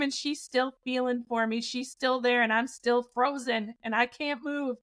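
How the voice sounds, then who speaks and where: A woman in her forties, a podcast co-host, telling a scary personal story in a casual, animated way, often laughing. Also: sits high, moderate pace, hardly any pauses.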